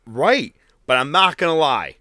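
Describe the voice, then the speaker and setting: A man's voice: on the high side, very animated, a little slow, pushed and bright, no room sound, clean studio sound. A man co-hosting a podcast in casual chat, joking around and putting on mocking voices when he quotes people. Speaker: podcast co-host.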